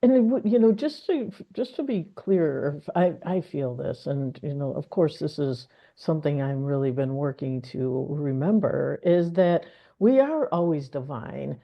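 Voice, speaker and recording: A woman's voice: sits low, unhurried, vocal fry. A woman co-hosting a casual spiritual talk, telling stories with laughter and acted-out inner voices. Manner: animated storyteller, laughs often, acts out inner voices. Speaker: co-host of a spiritual wealth course. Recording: dull lo-fi sound.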